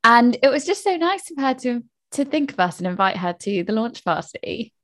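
A woman's voice: fairly high pitch, moderate pace. Chatty woman podcast co-host. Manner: chatty, animated storytelling with laughs and restarts. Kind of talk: casual chat.

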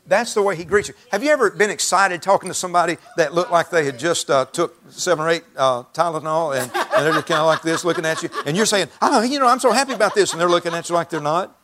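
A male pastor delivering a sermon in a relaxed, conversational manner, circling back and restarting as he thinks aloud. His voice sits a little higher than most men's. He speaks to his congregation in a church. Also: fast talker, few pauses. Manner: conversational, folksy preaching with restarts.

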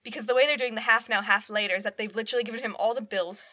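Chatty woman, bright voice. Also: a little high, fairly even intonation, racing, no room sound, clean studio sound. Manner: chatty storyteller acting out characters, frequent "like". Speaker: co-host recapping a show. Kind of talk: casual chat.

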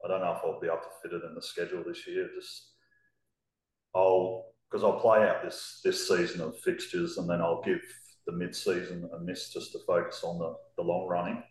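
Deep flat-voiced man, echoey room. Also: moderate pace. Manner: hesitant, lots of ums, matter-of-fact. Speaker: podcast guest. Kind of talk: casual chat.

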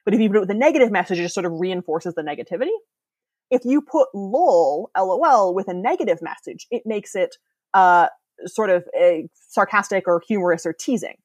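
Woman, podcast guest author, quick talky explainer, dry recording. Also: medium pitch, lively intonation, darkish tone, slightly rough, dry recording. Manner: explanatory, quick, many fillers and laughs. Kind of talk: casual podcast chat.

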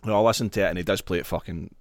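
A man's voice: deep voice, very fast, no room sound, studio quality. A Scottish man co-hosting a podcast in casual chat, rambling and sweary, restarting his sentences. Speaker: podcast co-host.

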